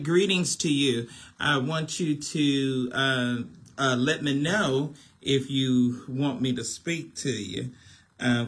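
A man's voice: medium pitch, pushed and bright. A man, hosting a casual phone livestream as a minister, chatty and preachy, often laughing.

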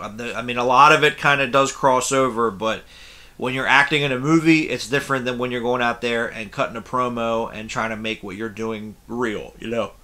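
Man, casual movie review, bright forceful voice, blunt, rambling, tired. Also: mid-range voice. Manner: rambling, blunt, swears casually, many restarts. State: yawning, tired.

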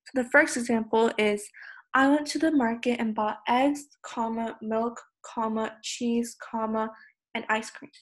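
A woman's voice: fairly high pitch, steady tone, measured pace. A teenage girl from California who teaches a recorded online lesson, explaining plainly and patiently. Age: teens. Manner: plain, patient explaining, raises voice on example shouts. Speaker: student teacher.

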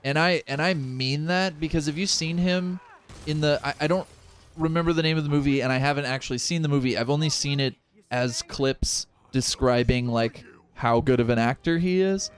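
A man's voice: a little high, moderate pace, smooth. A young man chatting casually and rambling while playing a video game with friends, with frequent restarts and laughs. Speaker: gaming channel member. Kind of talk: casual let's-play banter.

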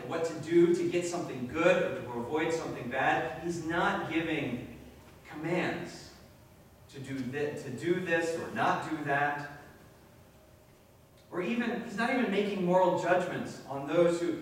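A pastor with a New England accent preaching a conversational sermon in a church, with frequent fillers and restarts. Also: male voice, a little high, moderate pace, slight background noise. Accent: New England American. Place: church sanctuary. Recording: very echoey church from a distance.

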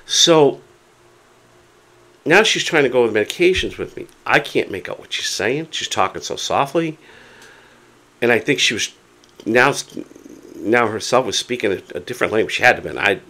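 A hard-of-hearing man casually retelling a doctor's visit to camera, animated and quoting people as he goes. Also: medium pitch, normal speed, long pauses. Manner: animated retelling with acted quotes. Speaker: vlogger.

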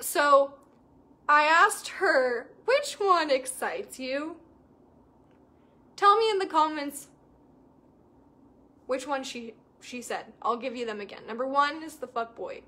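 A young adult woman coach chats casually and live with her viewers, sounding enthusiastic and emphatic. Her voice is a little high with a fairly bright tone, and a little hiss or hum can be heard.

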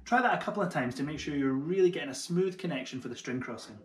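A friendly man teaching double bass in an echoey room. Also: lively intonation, quick pace, loud music behind the voice. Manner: friendly and encouraging, with light self-mocking jokes. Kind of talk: online music tutorial.

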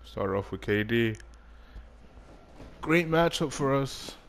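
A man casually commenting on his own basketball video game, excitable, swearing and laughing at himself. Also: mid-range voice, slow pace, vocal fry, slight background noise. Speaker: gaming YouTuber.

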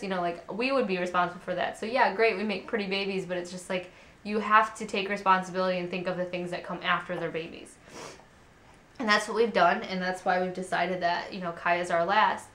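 A woman's voice: mid-range voice, fairly even intonation, fairly quick, fairly bright tone. A woman in her twenties chatting casually to camera at home as a vlogger, candid and rambling with many fillers. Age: 20s. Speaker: parenting vlogger. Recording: roomy echo.

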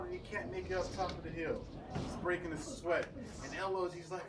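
A man telling an animated children's-style story aloud, repeating words for effect. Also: fairly high pitch, moderate pace. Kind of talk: spoken storytelling. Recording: far-off roomy noisy recording.

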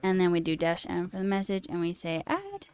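A woman streaming as a coding host, chatting casually and rambling with self-deprecating asides while her pitch jumps up mid-sentence. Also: sing-song, a little fast, darkish tone, clear, resonant tone, faint music behind. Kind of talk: casual live-stream chat.

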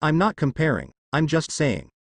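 A proud, harsh alien father, as a male narrator puts him on, firm and stern in manner. The pitch moves freely and the sound is close and dry. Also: wildly swooping pitch, moderate pace, gravelly, slightly rough, no echo, full character voice.

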